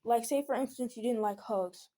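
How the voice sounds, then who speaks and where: Mellow-voiced teen girl venting earnestly. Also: a little high, moderate pace. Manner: earnest, rambling, pleading. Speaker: vlogger. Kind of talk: casual venting monologue.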